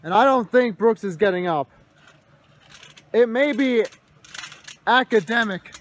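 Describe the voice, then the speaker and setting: A man doing wrestling play-by-play commentary, moving between hushed, dismayed muttering and shouted excitement over big moves. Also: high voice, measured pace.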